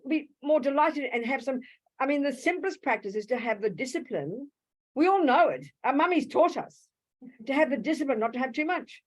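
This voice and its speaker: Holding a handheld microphone in a meditation hall before an audience, an Australian woman leads a live Buddhist Q&A. She's blunt and direct, addressing people as sweetheart and darling, in a voice that sits high. The recording quality is low.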